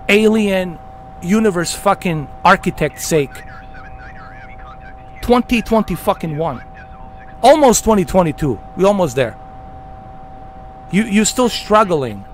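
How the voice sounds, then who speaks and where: A man hosting a gaming channel, delivering a heated, profanity-filled rant with emphatic repetition. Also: high voice.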